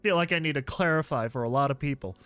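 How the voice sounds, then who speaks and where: A man's voice: a little high, quick pace, a bit bright, clean tone, no echo, soft background music. A young man narrating a comic dub and chatting casually between panels, joking and saying "like" often. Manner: chatty, joking, many likes.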